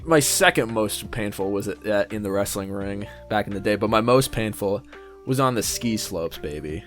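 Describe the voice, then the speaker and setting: A young man co-hosting a podcast, telling a story in casual chat, animated and swearing freely as he acts out what people said. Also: fairly low pitch, normal speed, soft background music. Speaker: podcast co-host.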